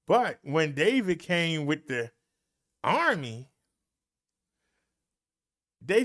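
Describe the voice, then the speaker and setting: This minister, a man running a Bible study, speaks in a somewhat bright, higher voice that swings widely in pitch. Talking straight to the people in front of him, he preaches with folksy emphasis, moving slowly through his points, pausing at length and swooping on key words.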